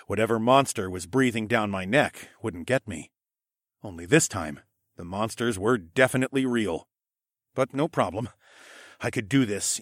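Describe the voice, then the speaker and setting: A man narrating a first-person audiobook in a wry, expressive way, shouting the dialogue of his hero. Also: fairly low pitch, dry recording, clean studio sound.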